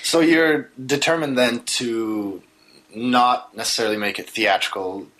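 A man's voice: medium pitch, measured pace, a bit bright, low-quality recording. A man hosting a radio arts interview, asking questions with hesitant repeated words.

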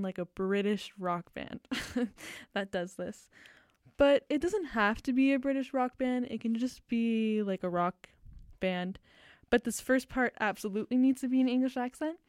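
A giggly, rambling woman hosting a radio show, talking loosely and a bit self-consciously. Her voice is fairly high, and the studio sound is close and dry. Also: darkish tone, clean tone, no room sound. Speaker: radio host. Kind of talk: casual radio chat. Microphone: fixed studio mic.

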